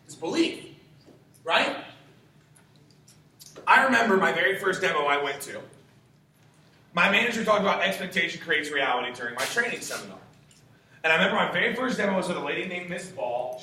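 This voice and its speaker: A high-energy young man, a sales trainer, tells stories to a room of reps with a fairly high, bright voice. He sounds far from the mic in a strongly echoing room, with a faint hiss behind him. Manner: enthusiastic, high-energy storytelling. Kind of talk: motivational talk to a room. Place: meeting room.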